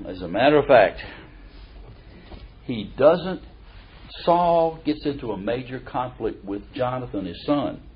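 A middle-aged man giving a conversational sermon in a folksy, animated way, who reads verses aloud with emphasis. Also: mid-range voice, slow pace, pauses often, slight background noise. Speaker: preacher or Bible teacher. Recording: dull lo-fi recording.

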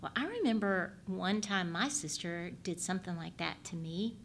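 A woman speaking as a calm, empathetic father who soothes his son gently and reassuringly. The delivery is patient and steady, with no hurry. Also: lowish voice, moderate pace, a little hiss or hum.

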